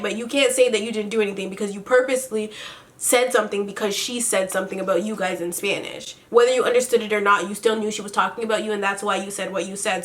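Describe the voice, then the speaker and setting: A woman's voice: on the high side, a bit bright. A woman vlogger recapping a reality show in casual commentary, sassy and blunt with lots of swearing, doing her makeup as she talks.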